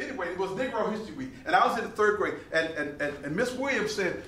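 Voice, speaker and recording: An older man, performing as a potter and telling lively, laughing stories to a live audience. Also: high voice, fast, few pauses. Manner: animated, laughing storyteller with repeated phrases. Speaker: living history performer and potter. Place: museum hall with an audience. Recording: roomy hall, voice from a distance.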